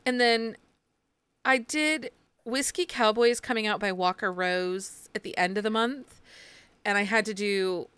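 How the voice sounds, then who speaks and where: An enthusiastic woman hosts a casual book podcast, gushing about what she reads. Her voice is smooth and clear, and the sound is dry and close. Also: mid-range voice, fairly bright tone, no echo. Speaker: podcast host. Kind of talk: casual chat.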